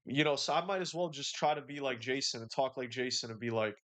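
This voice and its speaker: A man's voice: mid-range voice, fast talker, fairly bright tone. A man hosting a casual livestream. He is laid-back and slangy, and he reads out chat messages and answers them. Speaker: livestream host.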